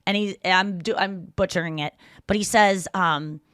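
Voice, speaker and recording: A woman's voice: on the low side, moderate pace, a bit bright, no echo, clean studio sound. A woman hosting a podcast in casual chat, telling stories animatedly and acting out quoted lines. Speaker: podcast host.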